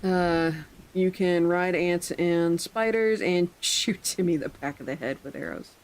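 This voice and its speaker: A woman's voice: lowish voice, measured pace, rough recording. A woman streaming live, chatting casually in a rambling way, with occasional swearing.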